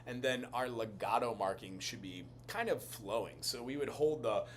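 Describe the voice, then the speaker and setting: A man's voice: medium pitch, animated, normal speed, a bit bright, a little hiss or hum. A man giving a casual music lesson, explaining chords and melody as he thinks aloud. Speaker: music teacher. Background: piano music.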